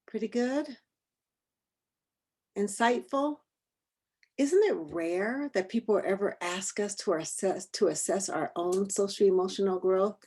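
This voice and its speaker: A woman leads a training session over a video call, talking conversationally and checking in with the group through quick questions. Her voice is mellow and relaxed. It sits at a middle pitch. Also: husky. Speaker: workshop trainer.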